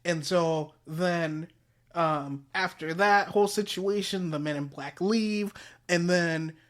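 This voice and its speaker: A man's voice: fairly high pitch, slow. A man hosting a show, casually retelling a comic story in a slangy, rambling way. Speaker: podcast host.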